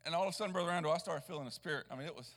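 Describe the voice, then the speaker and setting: A man's voice: a little high, racing, fairly bright tone, in a large hall, a little hiss or hum. A man, a traveling evangelist preaching a sermon in a church, telling a story with restarts and rising into a chanted preaching cadence. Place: church sanctuary.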